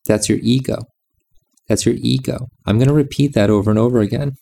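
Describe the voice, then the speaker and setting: A man's voice: medium pitch, a little fast, creaky, warm tone. A man giving a reflective monologue about music and meditation, insistent and repeating his phrases.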